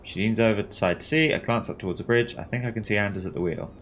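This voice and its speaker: A man's voice: on the low side, fast talker, fairly bright tone, a little hiss or hum. A man reading a mystery game aloud, with wry, dry asides between passages.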